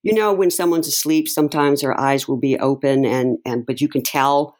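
A middle-aged woman, an interview guest, recounts a personal story in conversation, speaking emotionally and haltingly with many restarts. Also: a bass voice, a little mellow.

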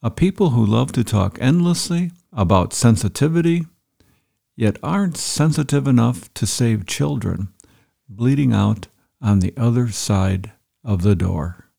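A man reading passages from an article aloud and reflecting on them in a measured, deliberate way. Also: medium pitch, lively intonation, vocal fry, mellow. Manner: measured, reads quotes aloud with pauses and emphasis. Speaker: speaker reading and commenting on an article. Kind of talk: reflective spoken commentary.

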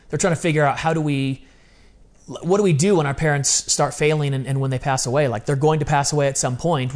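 A man in his forties co-hosting a podcast, talking candidly and earnestly in quick bursts. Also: mid-range voice, a little mellow. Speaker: podcast co-host. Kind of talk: candid conversational podcast talk.

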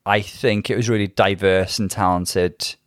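A man's voice: low-pitched, fairly even intonation, measured pace, clean tone, no echo, studio quality. A man co-hosting a casual chat, talking things through in a thoughtful, analytical way. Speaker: podcast co-host.

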